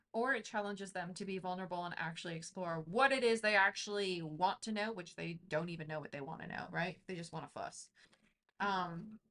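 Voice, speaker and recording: Woman doing a tarot reading on camera, talks like she's thinking out loud, lots of likes and ums. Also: medium pitch. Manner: chatty and intuitive, thinks aloud with many fillers. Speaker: tarot reader. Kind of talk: casual spoken tarot reading.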